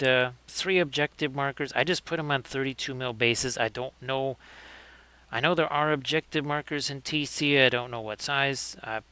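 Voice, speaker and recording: A man's voice: medium pitch, bright, forceful tone. A man hosting a livestream, chatting casually and joking as he talks through painting his miniatures. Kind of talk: casual live commentary.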